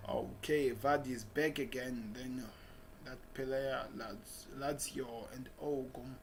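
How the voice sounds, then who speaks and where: A football channel host reads transfer headlines aloud in a casual chat, tripping over names and muttering asides to himself. His voice is of ordinary male pitch, steady in tone, and he takes it slowly. A faint hiss runs beneath the recording.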